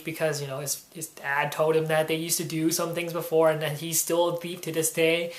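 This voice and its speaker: A woman's voice: deep voice, level tone, brisk, few pauses, reverberant. A woman giving a casual spoken comic book review, rambling and leaning on "you know" and "um".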